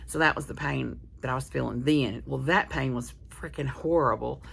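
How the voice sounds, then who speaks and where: A woman's voice: a bass voice, normal speed, creaky, fairly bright tone, a little hiss or hum. A woman chatting casually to her viewers, telling a rambling, candid story full of restarts. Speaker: vlogger. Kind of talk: casual chat to camera.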